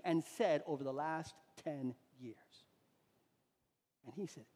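A man preaching a sermon, animated, acting out little dialogues as he goes. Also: on the high side, a little slow, pauses often. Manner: animated, acts out quoted dialogue. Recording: long hall reverb.

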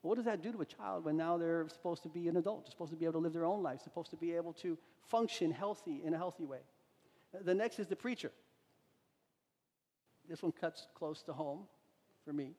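A man preaching a sermon, animated, acting out little dialogues as he goes. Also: on the high side, fast talker. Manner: animated, acts out quoted dialogue. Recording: long hall reverb.

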